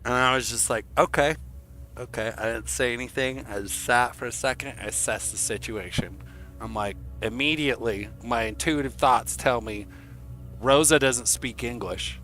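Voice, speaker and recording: A young man streaming to his chat, telling a rambling, profane story in a casual, animated way. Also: medium pitch, moderate pace, soft background music.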